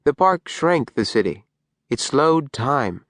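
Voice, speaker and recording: A man reading as a gentle, nonchalant older father. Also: mid-range voice, sing-song, slow pace, dry recording, studio quality. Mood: reflective. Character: gentle older immigrant father recalling his courtship.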